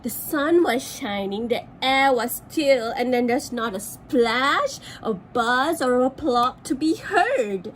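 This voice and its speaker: A woman's voice: high-pitched, expressive, slow pace, few pauses, slight background noise, rough recording. A woman from Malaysia, a teacher, reading a picture book aloud to children with chatty asides about the pictures. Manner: chatty asides to young listeners, pointing at pictures.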